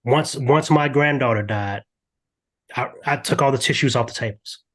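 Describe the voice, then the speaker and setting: An older man, a podcast guest, talking earnestly in a lively storytelling way with frequent restarts. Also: medium pitch, normal speed. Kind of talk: candid podcast interview.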